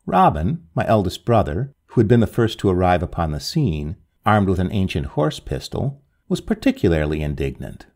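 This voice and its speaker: A man reading a Victorian ghost story aloud with a dramatic, expressive delivery. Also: low-pitched, moderate pace, few pauses.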